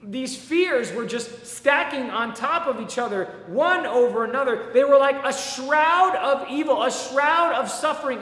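Earnest preacher guy telling a story, high voice, big echoey church sound. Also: a bit bright. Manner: earnest storytelling with repeated words. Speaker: pastor. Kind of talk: sermon. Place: church sanctuary. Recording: echoey church with long reverb.

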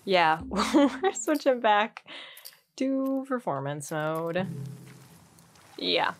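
A woman's voice: mid-range voice, sing-song, extremely slow. A woman giving casual let's-play commentary, chatty and giggly, thinking aloud as she plays. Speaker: gaming streamer.

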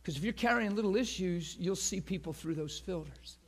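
A man preaching a passionate sermon, swinging from loud, shouted peaks to hushed, near-whispered lines and acting out the crowd with gasps. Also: high-pitched, moderate pace. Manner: acts out quoted crowd voices with gasps.

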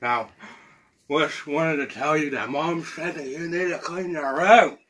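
A man's voice: on the high side, measured pace, a bit bright, husky. A man doing a goofy comedy skit, talking in an exaggerated, silly, whiny voice. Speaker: vlogger.

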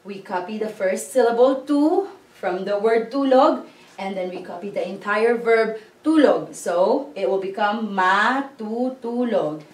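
Female teacher for a slow grammar lesson, unhurried and patient, recorded a little far off in an echoey room. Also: medium pitch. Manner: patient, spells out syllables and repeats words slowly. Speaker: language teacher.

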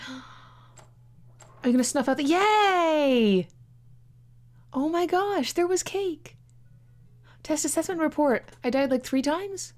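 A woman hosting a gaming channel, giving excitable, chatty let's-play commentary full of exclamations. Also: sits high, slow pace, pauses often.

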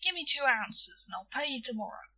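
A woman's voice: high-pitched, lively intonation, a little fast, bright, forceful tone, voice pushed up, exaggerated voice. A woman doing a wheedling cheeky schoolboy. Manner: wheedling, coaxing.

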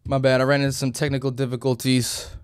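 A man giving casual, excitable reaction commentary on an anime episode, joking with slang and profanity. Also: medium pitch, fast, clear, resonant tone.

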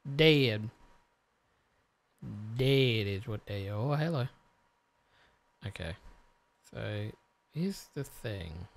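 A let's-play commentator who swears often and talks straight to the viewers, muttering to themself and then bursting out excitedly. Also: medium pitch, extremely slow, pauses often. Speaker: gameplay commentator.

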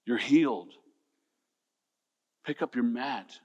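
A man's voice: mid-range voice, slow, muffled recording. A male pastor preaching a sermon, calling out to his congregation and rising to emphatic peaks. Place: church sanctuary. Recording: long church reverb.

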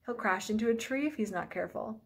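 A woman's voice: fairly high pitch, fast talker, creaky, slightly rough. A woman voicing a curious, caring young girl.

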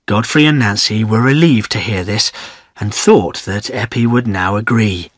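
A man narrating a story in a measured reading for English learners. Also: fairly low pitch, slightly rough, no room sound, studio quality.

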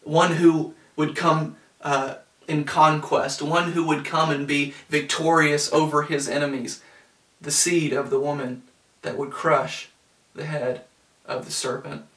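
A pastor preaching a sermon, earnest, slowing down to stress scripture quotes. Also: male voice, on the high side, level tone, a bit bright. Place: church sanctuary. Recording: roomy sound from a distance.

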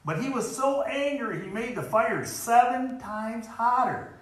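A man's voice: sits high, animated, slow pace, fairly bright tone. A man preaching a sermon in a church in an earnest, emphatic way, reading scripture aloud. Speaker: lay preacher. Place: church sanctuary. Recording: very echoey church hall.

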